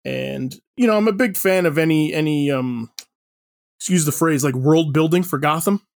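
A man's voice: a little high, normal speed, creaky, dry recording, studio quality. A man co-hosting a podcast, talking casually and rambling, with many fillers and restarts. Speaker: podcast co-host. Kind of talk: casual chat.

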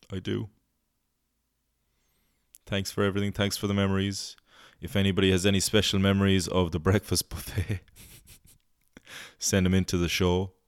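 Irish male podcast host, low and smooth, dry booth sound; loose comic rambler who swears freely. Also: no room sound. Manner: rambling, swearing, goofy put-on voices. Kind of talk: casual comedic monologue.

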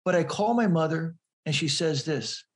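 Earnest man telling a story, higher voice. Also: expressive, moderate pace. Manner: earnest, repeats words while building up a story. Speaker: guest.

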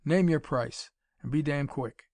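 A man doing a rumbling gangster boss. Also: measured pace, a little mellow, no room sound. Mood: threatening. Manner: rumbling, blunt and threatening. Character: menacing male Chicago gang boss.

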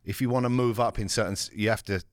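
A man's voice: on the low side, fairly even intonation, quick pace, no room sound, studio quality. A man, bantering bluntly and swearing freely as a podcast co-host. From London. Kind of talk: casual banter.

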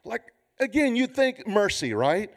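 A man in his fifties, a pastor preaching a sermon with humorous, animated storytelling. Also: high-pitched, a little slow.

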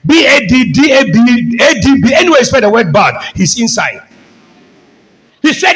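High-pitched shouting male preacher. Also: big pitch swings, moderate pace, low-quality recording. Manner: shouting fervent preaching, calls for amen. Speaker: pastor. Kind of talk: sermon.

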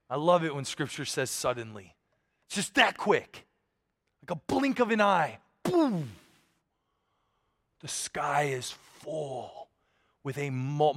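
A pastor in his thirties delivers a sermon, his voice sitting high for a man. He tells stories with energy and acts out the voices in them. The sound rings with the long reverb of a large hall. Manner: animated storytelling, acts out voices.

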